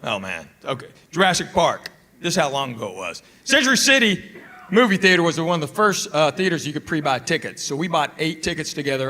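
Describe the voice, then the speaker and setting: A man doing stand-up, telling a long story in a laid-back, deadpan way. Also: a little high. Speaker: stand-up comedian.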